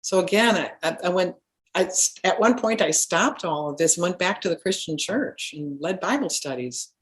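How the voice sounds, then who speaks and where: A woman of middle age with a somewhat low voice recounts her own spiritual journey. She talks earnestly and with feeling, often restarting a sentence as she goes. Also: moderate pace. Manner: earnest, animated storytelling with frequent restarts. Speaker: spiritual healer. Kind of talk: personal storytelling.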